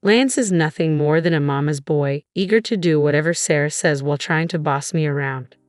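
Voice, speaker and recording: A woman narrating a first-person story in a steady, measured manner. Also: sits low, no echo.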